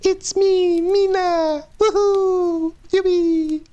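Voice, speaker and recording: Mina: a man doing a squeaky cheeky young Englishwoman. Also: steady tone, drawn-out words, dark tone, highs cut off, full character voice. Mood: giddy. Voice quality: squeaky falsetto. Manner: bouncy, cheeky, crude slang. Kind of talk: comic voice for a live reading.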